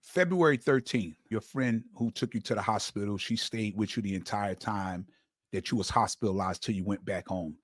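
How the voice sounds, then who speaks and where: A man's voice: on the low side, normal speed, no echo, clean studio sound. A man hosting an interview, prompting his guest with short questions and affirmations. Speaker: host.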